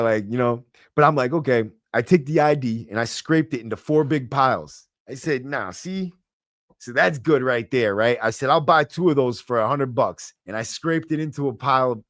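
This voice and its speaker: A young man with a Boston accent tells a story in a profane, streetwise, animated way. His voice sits at an average pitch. The podcast mic sounds dry, with no room echo. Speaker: guest storyteller. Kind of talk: casual storytelling. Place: podcast studio. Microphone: podcast microphone.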